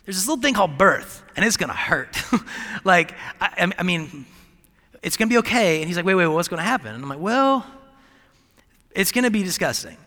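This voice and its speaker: A man's voice: sits high, lively intonation, a little fast, pushed and bright. A man in his thirties preaching a sermon in a loose, conversational way, full of fillers and restarts. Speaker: pastor. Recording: long hall reverb.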